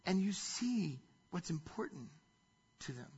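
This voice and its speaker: Husky-voiced, bright-toned male preacher. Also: high-pitched, sing-song, a little slow, dull audio. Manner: storytelling, rising to emphatic bursts. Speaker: pastor. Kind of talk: sermon.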